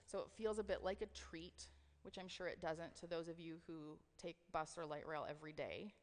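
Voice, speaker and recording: A woman's voice: sits low, fairly even intonation, moderate pace. A woman giving a sermon, talking in an earnest, reflective way with casual filler words. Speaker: preacher. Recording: long reverb of a hall.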